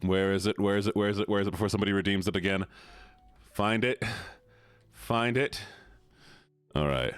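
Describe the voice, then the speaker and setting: A man's voice: lowish voice, fairly quick, long pauses, smooth, no echo, faint music behind. A man streaming live and chatting casually and animatedly with his viewers. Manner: animated, chatty, talks straight to chat.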